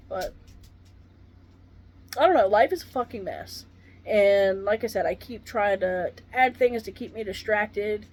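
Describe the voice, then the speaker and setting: A woman who is a retired paramedic, in pain and venting to camera with swearing and dark jokes. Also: mid-range voice. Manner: swearing, exasperated, darkly joking.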